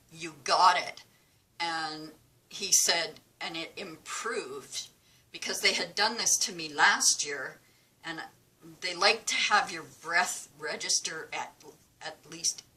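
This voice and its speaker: A woman's voice: on the low side, pushed and bright, rough recording. A woman vlogger telling a casual, chatty story at home, acting out both sides of a conversation. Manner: chatty, retells dialogue with quoted voices. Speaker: crafting vlogger. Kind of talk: casual storytelling while crafting.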